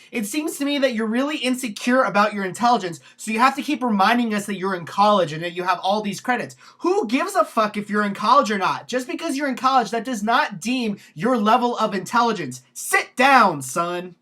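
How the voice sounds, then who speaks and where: A woman's voice: a little high, animated, brisk, hardly any pauses, sharp tone. Scornful female commentator, blunt and direct. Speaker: video commentator.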